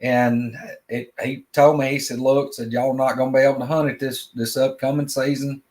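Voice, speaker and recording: A man's voice: mid-range voice, little pitch movement, moderate pace, darkish tone. Drawling man telling a story. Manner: drawling, repeats words, plainspoken. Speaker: guest storyteller. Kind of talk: casual spoken storytelling.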